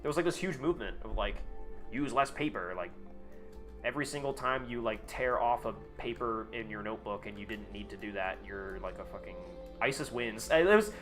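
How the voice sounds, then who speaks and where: A man's voice: fairly low pitch, animated, brisk, music in the background. A man talking casually to his chat on a live gaming stream, rambling, sarcastic and freely profane.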